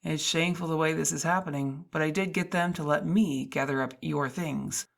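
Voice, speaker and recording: A woman voicing a kindly middle-aged male security guard who speaks gently and apologetically in an audiobook. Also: low-pitched, steady tone, normal speed, vocal fry. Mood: apologetic.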